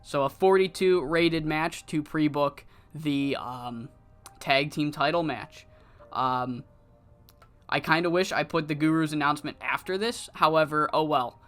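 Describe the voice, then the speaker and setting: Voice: mid-range voice, measured pace, fairly bright tone, soft background music. A narrator casually recapping a wrestling management game, rambling with lots of fillers and swearing. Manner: rambling, profane, many fillers.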